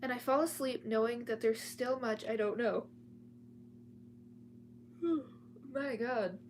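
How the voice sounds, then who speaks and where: Woman storyteller, slightly high voice, casual read-aloud with restarts and asides, home setting. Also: slow pace, a little mellow, slight background noise. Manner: reads with frequent restarts and chatty asides. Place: at home with cats nearby.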